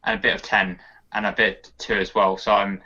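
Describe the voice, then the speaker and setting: Low-voiced man on muffled call audio. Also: flat delivery, moderate pace, sharp tone. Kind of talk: casual chat.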